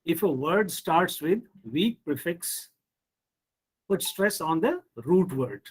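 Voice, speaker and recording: A man leads a pronunciation lesson in a high, light voice. He talks slowly and patiently. He drills each word in a deliberate, repetitive way. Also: big pitch swings, breathy edge, low-quality recording. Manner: slow, repetitive drilling with frequent "hmm" and "you see". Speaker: English pronunciation teacher. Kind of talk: online lecture on word stress.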